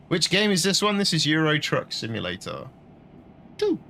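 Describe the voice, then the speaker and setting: A man's voice: fairly high pitch, very animated, slow, bright, forceful tone, slight background noise. A middle-aged man chatting casually and jokily while streaming a truck-driving game, laughing often and bantering with his chat.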